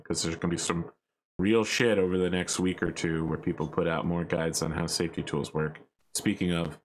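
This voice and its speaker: Deep-voiced man, rambling stream host. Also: a little hiss or hum, poor audio. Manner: rambling, self-deprecating, dry jokes. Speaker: channel host. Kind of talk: casual chat on a gaming stream.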